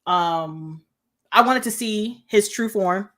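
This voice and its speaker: A woman in casual conversation about a show she loves. She talks in an animated way, laughs often and repeats phrases to stress them, at a middle pitch. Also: slow pace. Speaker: show discussion co-host. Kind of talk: casual fan discussion.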